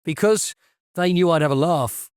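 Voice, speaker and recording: A man co-hosting a podcast, chatting casually in a jokey, animated way and laughing often. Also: on the high side, normal speed, clean tone, no echo, studio quality. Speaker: podcast co-host. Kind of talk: casual chat.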